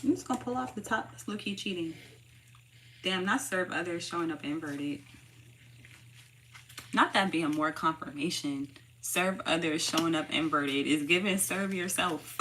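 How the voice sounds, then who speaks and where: A woman reads tarot in a loose, slangy way, hammering her points home through repetition. Her voice is bright and forward, at a middle pitch, with a faint hiss of noise underneath. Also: normal speed. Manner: slangy, emphatic, repeats phrases for stress. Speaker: tarot reader. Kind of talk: casual spoken tarot reading.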